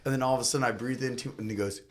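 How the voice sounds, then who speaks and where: A man's voice: medium pitch, fairly even intonation, very fast, crowd noise. A man telling rambling stories as a guest on a casual podcast, often laughing as he talks. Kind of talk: casual chat, storytelling.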